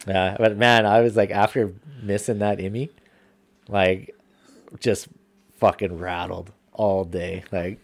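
A man telling hunting stories in casual podcast chat, profane and animated. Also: on the low side, slow.

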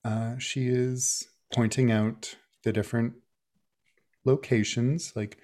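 A man's voice: medium pitch, flat delivery, slow pace, dark tone. A man narrating a tabletop game as game master, hesitant with many fillers.

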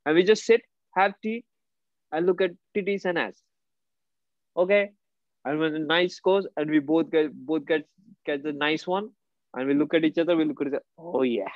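A man telling stories in a casual chat, swearing freely and talking with animated emphasis. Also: on the high side, moderate pace, long pauses, dry recording. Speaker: therapist and podcast co-host. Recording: dull, muffled sound.

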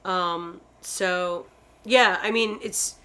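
A woman's voice: fairly low pitch, steady tone, extremely slow, sharp tone, clean tone. A woman co-hosting a casual chat, talking in a rambling way and swearing offhandedly.

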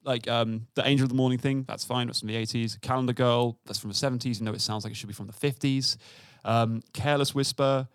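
A man's voice: medium pitch, fairly even intonation, fast talker, hardly any pauses, no room sound, clean studio sound. A man co-hosting a podcast, chatting casually about a film and laughing often as he talks. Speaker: podcast co-host.

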